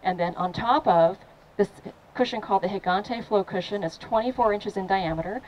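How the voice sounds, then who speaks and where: A woman fitness trainer running a lively training demo for a crowd at an outdoor event, encouraging and laughing often. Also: medium pitch, moderate pace, dull audio, slight background noise.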